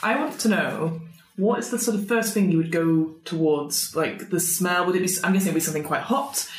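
A woman narrating a tabletop role-playing game as game master, chatty and halting, with many fillers. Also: fairly low pitch. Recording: echoey room.

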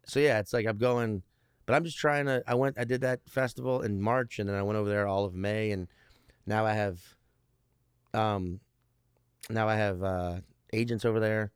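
A man's voice: lowish voice, fairly even intonation, normal speed, smooth, no room sound, clean studio sound. A man, a stand-up comedian, chatting casually as a guest; he rambles, swears often and restarts his sentences. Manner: rambling, profane, many restarts. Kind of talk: casual podcast chat.

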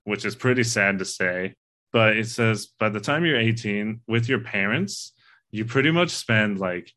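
A man's voice: on the low side, expressive, unhurried, sharp tone. A man co-hosting a casual movie discussion, talking in an earnest, rambling way and swearing casually. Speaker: podcast co-host.

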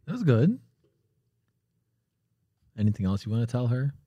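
A man's voice: medium pitch, big pitch swings, normal speed, warm tone, slightly rough, no room sound. A man co-hosting a casual podcast, easygoing and encouraging. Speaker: podcast co-host. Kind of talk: casual chat.

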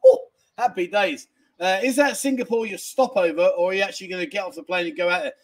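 Chatty man with a gravelly, high voice. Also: fast. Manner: chatty and rambling, swears casually, many restarts. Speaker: livestream host reading viewer chat. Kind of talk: casual live chat. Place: a family home in a village, indoors.

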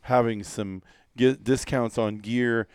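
A man's voice: medium pitch, slow, clean tone, no echo. A man hosting a casual hunting podcast, telling stories with lots of acted-out dialogue, fillers and restarts. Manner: animated storyteller, acts out dialogue, many fillers and restarts. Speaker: podcast host.

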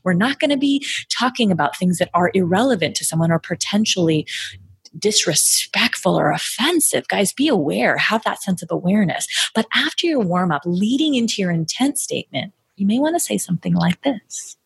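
Husky-voiced woman coaching sales. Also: medium pitch, brisk, no room sound, studio quality. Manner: energetic, emphatic, acts out sample lines to clients.

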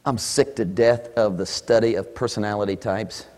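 A man preaching a sermon, swinging between hushed asides and shouted emphasis. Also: lowish voice, steady tone, normal speed, in a large hall.

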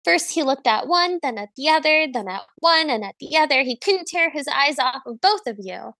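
A woman's voice: high-pitched, expressive, moderate pace, pushed and bright, no echo, exaggerated voice. Doting gushy stepmom, a woman putting her on, dry close sound. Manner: doting, reassuring. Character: gushing stepmother flattering her two daughters.

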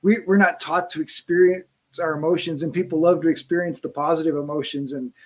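A man's voice: fairly high pitch, steady tone, a little fast. A middle-aged man hosting a podcast, talking earnestly in casual conversation and often restarting his phrases. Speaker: podcast host.

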